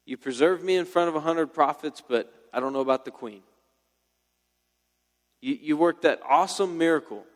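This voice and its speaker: A man's voice: fairly high pitch, moderate pace, pauses often, close to an everyday voice. A man voicing a despairing, worn-out male prophet in a slangy, defeated way. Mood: moping. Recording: long hall reverb.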